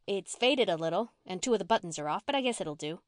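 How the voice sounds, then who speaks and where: A woman's voice: mid-range voice, animated, fast talker, no room sound, studio quality, lightly acted. A woman voicing a practical, matter-of-fact older sister, read for a storybook.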